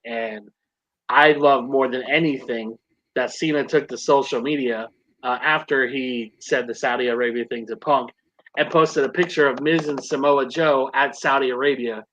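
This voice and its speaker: A man's voice: mid-range voice, fairly even intonation, normal speed, a bit bright, highs cut off. A man co-hosting a podcast, giving emphatic and enthusiastic opinions in casual chat. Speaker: podcast co-host.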